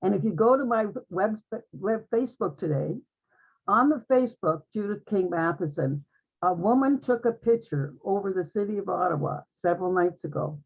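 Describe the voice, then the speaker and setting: A woman's voice: mid-range voice, lively intonation, normal speed, vocal fry, slightly rough. A woman giving an earnest, uplifting spiritual talk to an online group, often repeating her phrases. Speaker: guest speaker in an online group conversation. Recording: tinny phone-like line.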